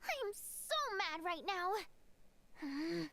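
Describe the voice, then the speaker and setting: A woman's voice: very high voice, slow pace, vocal fry, a little hiss or hum, heavily acted. An actress voicing a bubbly, chatty young woman in a video game. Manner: chatty, teasing, excitable.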